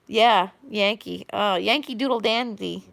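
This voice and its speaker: A woman's voice: medium pitch, a little slow, vocal fry, fairly bright tone, no echo. A woman with a Long Island New York accent hosting a casual live stream, rambling and chatty as she greets viewers by name.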